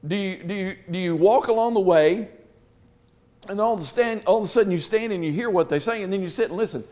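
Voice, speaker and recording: A man's voice: sits high, fast, a little mellow. A man preaching a Bible teaching sermon, earnest, often repeating himself as he reads scripture aloud.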